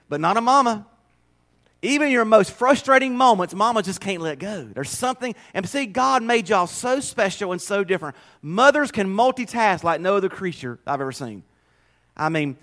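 High-pitched preacher guy in his 40s, folksy, tells stories and laughs a lot. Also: fairly bright tone. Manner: folksy, storytelling, laughing often. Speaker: pastor. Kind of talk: sermon. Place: church.

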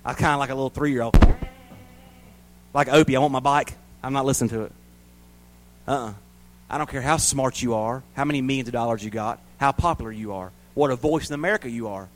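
A man preaching a sermon as a pastor to his church, rising loud and high, then dropping quiet and low. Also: fast, pauses often, low-quality recording.

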